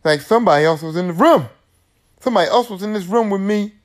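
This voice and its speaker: A man's voice: sits high, fast, close to an everyday voice. A man voicing a frantic, accused teenage boy who pleads and swears. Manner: pleading and profane.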